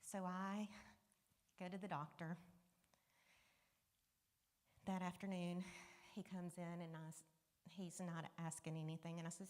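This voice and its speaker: A woman's voice: fairly low pitch, steady tone, unhurried, long pauses, darkish tone. A woman giving a candid personal testimony to a church congregation, talking conversationally and dropping to near-whispers at painful moments. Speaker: guest speaker sharing a testimony. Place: church sanctuary. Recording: long reverb of a church hall.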